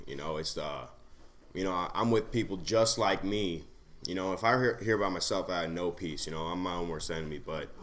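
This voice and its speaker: Man, very low voice, halting recovery share with many fillers. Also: a little hiss or hum. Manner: halting, full of fillers like "you know". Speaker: recovery meeting speaker. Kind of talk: personal sharing.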